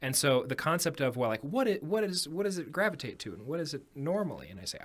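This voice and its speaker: A man guesting on a studio podcast, musing aloud with frequent ums and pauses. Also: on the high side, big pitch swings, a bit bright. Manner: thoughtful, hesitant, many ums. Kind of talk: casual chat. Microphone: studio microphone.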